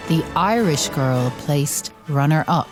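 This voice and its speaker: A woman reading a scripted documentary narration in a measured, deliberate way, with soft music underneath. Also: low-pitched, expressive.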